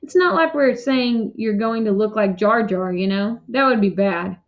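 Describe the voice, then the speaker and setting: A woman's voice: medium pitch, normal speed, natural voice. A woman voicing a friendly, chatty male ear doctor who talks in an upbeat, reassuring way. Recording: dull lo-fi recording.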